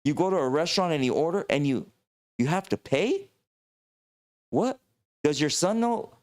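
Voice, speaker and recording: A man's voice: on the high side, very animated, moderate pace, a little mellow, pitched above the performer's own voice. A man voicing a bewildered male indigenous warrior brought from the past, firing off incredulous questions in a raised voice.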